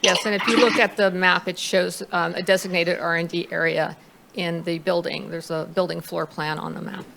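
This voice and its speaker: A woman's voice: lowish voice, flat delivery, moderate pace, creaky, background noise. A woman consultant presenting to a planning commission, reading out figures with a few fillers. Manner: reads out figures, with some fillers.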